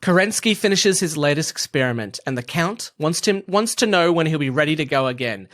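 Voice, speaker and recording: Male podcast co-host, sarcastic recapper, animated intonation. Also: a little high, a little fast. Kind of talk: casual chat, reading episode notes.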